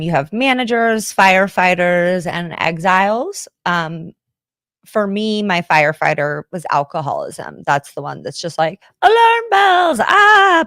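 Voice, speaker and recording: A woman's voice: low voice, creaky, a bit bright, dry recording, studio quality. An American woman hosting a podcast, talking candidly and chattily to viewers, swearing casually as she goes. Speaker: podcast host. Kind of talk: candid livestream chat with viewers.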